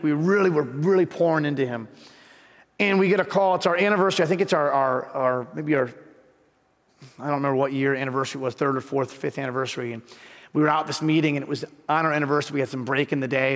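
A man's voice: mid-range voice, fast, big-room sound. A man preaching a sermon as pastor, telling a personal story earnestly and building to fervent emphasis.

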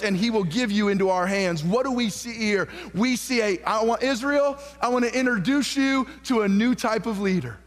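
A man's voice: extremely high pitch, fairly bright tone. A male pastor preaching a sermon, reading scripture aloud and calling questions out to the congregation, building to fervent emphasis. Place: church sanctuary. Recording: long hall reverb.

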